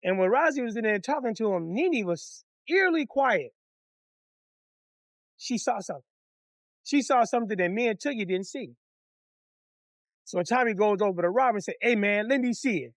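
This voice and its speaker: A man from Detroit telling a story from his own past in a casual, cussing storytime style, acting out everyone's voices. His voice is very high for a man, and he is recorded close on a dry mic with no room around him. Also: normal speed, pauses often, no echo. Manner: animated, profane, acts out voices.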